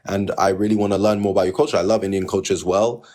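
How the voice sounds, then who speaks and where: Insistent male debate host from Nigeria, low voice, argues over callers. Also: level tone, rapid-fire, a little mellow. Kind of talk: livestream debate.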